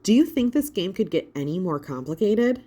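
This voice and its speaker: A woman voicing an impulsive girl who talks in quick, blurting bursts for an audiobook. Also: mid-range voice, sing-song, mellow. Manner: blurting, brisk. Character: impulsive, note-taking girl.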